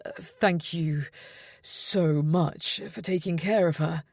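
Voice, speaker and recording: A gentle young man, shaken and halting, as a woman narrator reads him. The voice stays low and dry, close to the mic. He speaks softly, with emotion in each phrase of this storybook reading. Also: animated, breathy edge, no echo, exaggerated voice. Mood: grateful.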